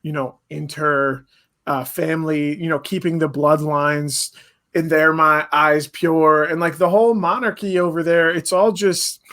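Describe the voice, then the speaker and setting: A man's voice: a little high, steady tone, moderate pace, fairly bright tone. A man co-hosting a casual podcast, arguing his points emphatically and repeating phrases for stress. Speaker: podcast co-host. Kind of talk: casual chat.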